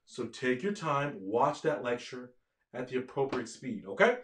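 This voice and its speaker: A man giving a live online lecture from his office at home, energetic and often asking his listeners questions. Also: mid-range voice, measured pace, reverberant, a little hiss or hum. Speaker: medical education lecturer.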